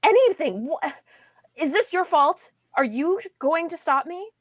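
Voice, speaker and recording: Woman yelling as a defiant young heroine. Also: very high voice, huge pitch swings, moderate pace, no echo, clean studio sound, exaggerated voice. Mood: pleading. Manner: yelling, shaky and indignant. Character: defiant, frightened young woman player character.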